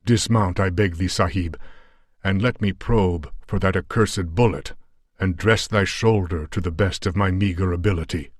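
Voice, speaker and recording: A man voicing a battered, pious Afghan warrior who croaks and talks in archaic oaths, in an audiobook reading. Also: low voice, moderate pace, no room sound, studio quality. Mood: earnest. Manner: archaic, oath-laden speech. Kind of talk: audiobook character voice.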